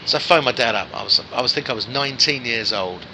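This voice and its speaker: A man's voice: medium pitch, quick pace, background noise. A man in his forties, a guest musician, telling anecdotes in a casual chat and acting out the voices of the people in them. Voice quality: animated raconteur who acts out voices in his anecdotes.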